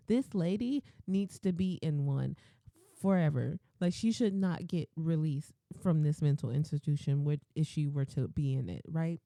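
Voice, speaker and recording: A young adult woman hosting a podcast, telling work stories in a casual, animated way and acting out her coworkers' lines. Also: deep voice, no room sound, clean studio sound. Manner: animated, acts out coworkers in quoted voices, laughs often. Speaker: podcast host. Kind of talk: casual storytelling monologue.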